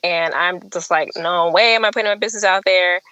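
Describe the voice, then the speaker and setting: A woman's voice: fairly low pitch, fairly quick, clean tone, dry recording, dull audio. A woman guest on a podcast, telling her own story in a candid, chatty way and laughing often. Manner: earnest, chatty, laughs often, animated when quoting others.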